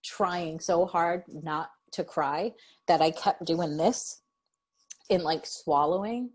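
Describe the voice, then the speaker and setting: A woman's voice: fairly low pitch, slow, husky. A young adult woman co-hosting a podcast, telling a story in a chatty way, full of "like". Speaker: podcast co-host. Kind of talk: casual chat.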